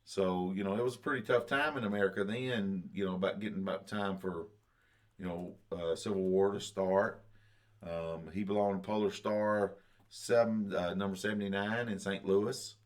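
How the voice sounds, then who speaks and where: Podcast co-host, man, very low voice, halting delivery. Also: steady tone. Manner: halting, many fillers and restarts. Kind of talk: casual chat.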